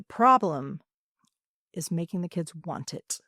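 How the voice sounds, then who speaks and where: A woman's voice: fairly low pitch, expressive, unhurried, fairly bright tone, no room sound, studio quality. Earnest, emphatic woman theatre teacher. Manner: earnest, emphatic, many fillers. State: emotional. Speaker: high school theatre teacher, guest. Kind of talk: podcast interview chat.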